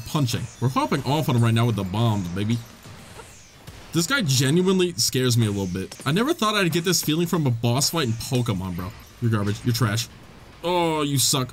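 A young man giving excitable, swearing let's play commentary, his voice jumping high when the game gets tense. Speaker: gaming YouTuber.

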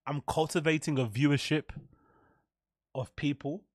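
A young man, streaming live and reacting to his chat in an animated, profane, mock-outraged way. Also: on the high side, normal speed, no room sound, clean studio sound.

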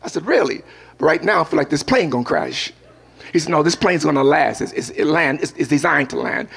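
A man's voice: fairly high pitch, brisk, gravelly, fairly bright tone, husky. An older man, a pastor, preaching a sermon and weaving scripture together with a personal story.

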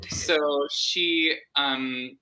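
A woman with a low but bright, sharp-edged voice hosts a live book club discussion. She tells the story bluntly and swears freely, putting on mock voices as she goes. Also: extremely slow, a little hiss or hum. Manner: blunt, profane, animated retelling with mock voices.

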